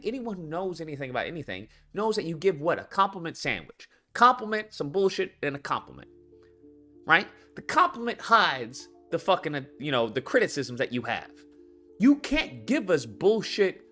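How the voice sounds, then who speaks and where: A man's voice: high voice, sharp tone. A man hosting a livestream, ranting about video games with lots of swearing and repetition while reading out chat comments. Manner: profane, heated, rants and repeats itself. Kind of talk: unscripted gaming rant.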